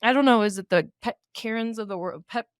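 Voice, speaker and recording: A woman's voice: a little high, brisk, smooth, no echo, clean studio sound. A woman in her thirties co-hosting a podcast, chatting casually, laughing often and acting out other people's lines. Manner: laughs often, acts out coworkers' lines in funny voices. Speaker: podcast co-host. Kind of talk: casual chat.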